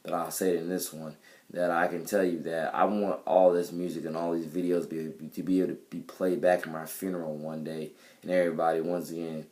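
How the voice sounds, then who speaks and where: A man's voice: sits low, little pitch movement, fairly quick, a little mellow. A young man talking to camera in a casual video diary about his music, rambling with many fillers and restarts. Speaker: vlogger and musician. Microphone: camera mic.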